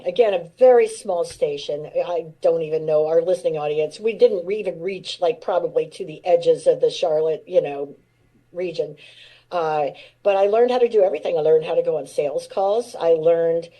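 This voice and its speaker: A woman's voice: fairly low pitch, dark tone, poor audio. A woman in her sixties, a veteran radio personality, telling candid stories from her career in an interview, laughing now and then. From United States. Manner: candid, laughing, acts out quoted voices. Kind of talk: storytelling interview.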